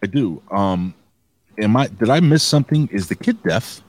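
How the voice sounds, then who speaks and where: A man's voice: fairly low pitch, animated, normal speed, a little mellow, no echo. A man co-hosting a wrestling review podcast, talking casually and animatedly, swearing freely and restarting his sentences. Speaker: podcast co-host.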